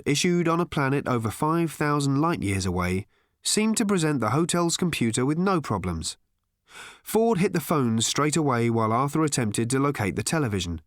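A man narrates an audiobook in a wry, expressive manner, his pitch moving lively through each sentence. The recording is dry and close-miked, with no room sound. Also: dry recording. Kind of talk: scripted narration.

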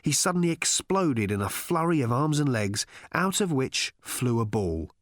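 A man reading an audiobook aloud as narrator, in a wry, measured storytelling manner, recorded in a studio. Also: medium pitch, big pitch swings, no room sound. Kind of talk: scripted narration.

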